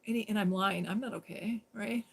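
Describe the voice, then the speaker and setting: Woman on a livestream rambling through a story, kinda gravelly fry in her voice, lots of ums. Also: mid-range voice, brisk, poor audio. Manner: rambling, conversational, many fillers and restarts. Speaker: live streamer. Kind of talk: casual spoken storytelling.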